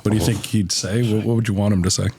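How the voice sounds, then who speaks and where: A man hosting a podcast, asking relaxed, encouraging questions in casual chat. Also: fairly low pitch, very fast, breathy edge. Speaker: podcast host.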